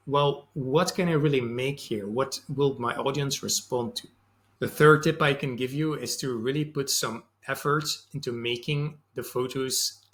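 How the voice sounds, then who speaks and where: A man's voice: medium pitch, fairly bright tone. Man giving casual marketing advice. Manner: loose and conversational, with fillers like "um" and "like". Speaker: sales and marketing channel host. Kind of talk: casual advice monologue to camera.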